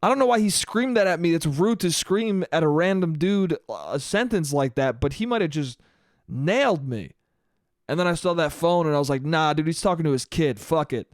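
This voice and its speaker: A young man talks alone into a podcast mic, swearing freely and rambling. He often breaks off mid-sentence and restarts. His voice sits fairly high, and the sound is dry and close. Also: expressive, moderate pace, no room sound. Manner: profane, rambling, self-interrupting. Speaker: podcast host. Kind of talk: solo comedic podcast monologue.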